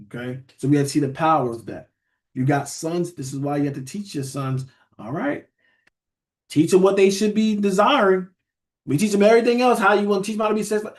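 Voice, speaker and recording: A man's voice: high voice, brisk. A man teaching a Bible study, conversational, often asking "right?" and reading verses aloud.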